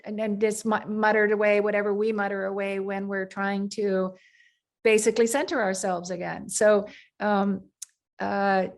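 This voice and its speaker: A woman surgeon, interviewed as a guest, telling workplace anecdotes in a loose, conversational way, full of fillers and restarts. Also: medium pitch. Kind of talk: conversational storytelling.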